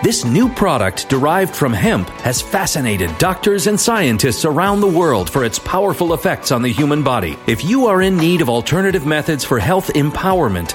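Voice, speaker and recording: A male announcer with a highish, lively voice gives a smooth scripted ad read. Faint music plays underneath. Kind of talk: scripted ad voice-over.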